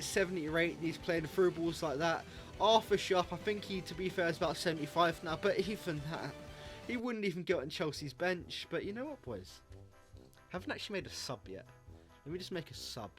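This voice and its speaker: Joking and excitable, a young gaming YouTuber narrates a football video game in a high voice that spikes upward at surprising moments. Music plays faintly in the background.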